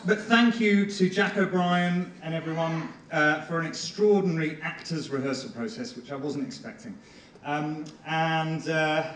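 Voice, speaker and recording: A man's voice: fairly high pitch, fairly bright tone, slight background noise. A man giving a dry, self-deprecating, slightly hesitant award acceptance speech on a theatre stage. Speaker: award-winning actor. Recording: echoey theatre, far from mic.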